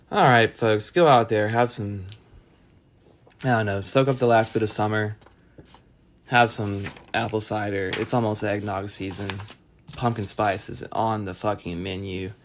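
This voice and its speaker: A man's voice: fairly low pitch, steady tone, measured pace, a little hiss or hum. Male solo podcast host, casual ranting delivery, rambling and profane, wry.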